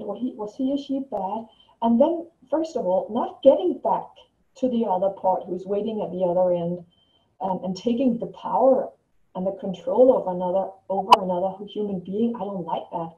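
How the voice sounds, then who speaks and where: A woman's voice: medium pitch, warm tone. Distant, echoey woman telling a story. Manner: rambling, frequent restarts and repeated words. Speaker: vlogger. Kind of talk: casual personal storytelling to camera. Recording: roomy, distant, dull lo-fi sound.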